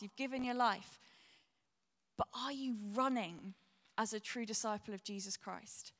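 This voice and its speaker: A woman's voice: a little high, moderate pace, fairly bright tone. A young woman preaching a sermon, earnest and candid, tearful as she speaks. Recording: long hall reverb.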